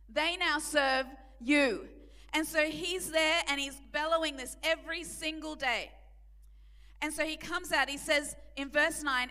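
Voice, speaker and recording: High bright woman preaching in a hall. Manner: animated, acts out quotes, emphatic repetition. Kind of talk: sermon retelling a Bible story. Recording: long hall reverb.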